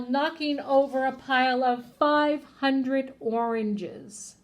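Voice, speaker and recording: Speaking slowly in a high-pitched voice, a woman teacher reads a children's picture book aloud. She brings the characters to life with acted-out voices and asks her listeners questions.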